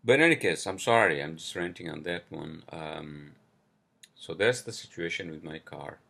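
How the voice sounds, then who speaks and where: Low gravelly man ranting. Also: lively intonation, normal speed, fairly bright tone. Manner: profane, frustrated ranting. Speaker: podcast host. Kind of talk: casual solo podcast rant.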